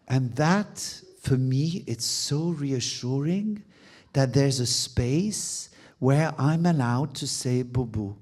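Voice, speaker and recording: A man with a French accent answers questions from an audience. His voice sits at an ordinary middle pitch. He talks in a lively, playful way and laughs easily. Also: slow pace. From France. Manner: playful, expressive, laughs often. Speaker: guest author and actor. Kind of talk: audience Q&A conversation.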